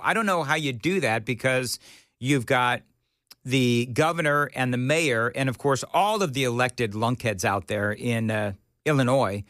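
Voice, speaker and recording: A man's voice: medium pitch, a bit bright, no echo, clean studio sound. A man hosting a morning talk radio show, opinionated and joking. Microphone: studio mic.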